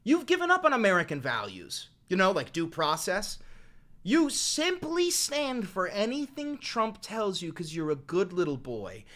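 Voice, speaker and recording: Young male streamer, twenties, furious profane political rant, bright sharp tone, swings widely in pitch. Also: huge pitch swings, measured pace. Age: 20s. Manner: profane, impassioned ranting. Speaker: live streamer. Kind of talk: angry political commentary livestream. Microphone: desk microphone.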